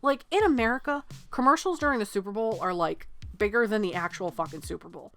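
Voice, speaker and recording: A woman from New England in her thirties, co-hosting a casual movie podcast and telling stories with lively acted-out quotes and casual swearing. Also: medium pitch, fast. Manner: animated storyteller, swears freely, acts out quotes. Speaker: podcast co-host. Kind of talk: casual chat about movies.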